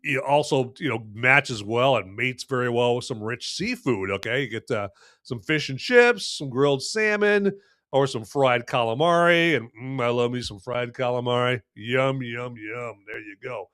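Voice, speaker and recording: Folksy male podcast host, loose and rambling, clear voice, dry booth sound. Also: mid-range voice, fairly bright tone, dry recording. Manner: rambling, folksy, many fillers and restarts. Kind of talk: casual live-stream beer review.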